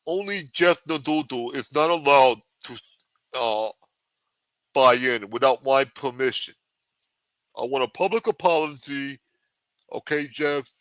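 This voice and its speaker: A man's voice: mid-range voice, unhurried, pauses often, a bit bright, dry recording. A man hosting a livestream, talking in a brash, profane mob boss persona. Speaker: livestream show host.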